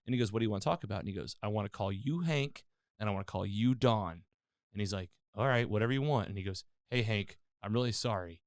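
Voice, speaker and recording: Podcast guy retelling an episode all animated, doing the characters' voices, dry close sound. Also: on the low side, fast, dry recording. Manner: recaps plot animatedly, acting out characters' lines. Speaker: podcast host. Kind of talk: casual chat.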